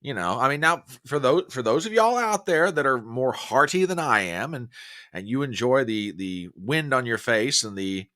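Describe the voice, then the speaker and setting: Chatty, animated male livestream host. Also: mid-range voice, moderate pace. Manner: chatty, joking, greets viewers by name. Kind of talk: casual live-stream chat.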